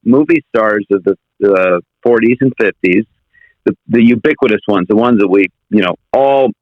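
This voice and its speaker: A man's voice: fairly low pitch, moderate pace, no echo, narrow, tinny audio. An American man talking as a guest in a casual interview, reflective and circling back to rephrase his points. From United States. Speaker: guest impressionist.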